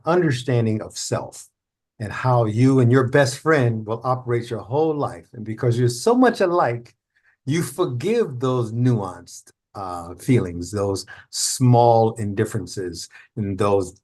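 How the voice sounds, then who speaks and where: A man's voice: mid-range voice, a little mellow. Man hosting a reflective therapy podcast. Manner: reflective, explaining with acted examples. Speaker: podcast host. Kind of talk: conversational podcast talk.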